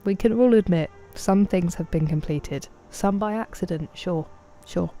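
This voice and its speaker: A young woman with a warm, fairly low voice speaks a little slowly while streaming a game. She chats playfully and greets viewers by name in casual live-stream talk, with faint game music in the background.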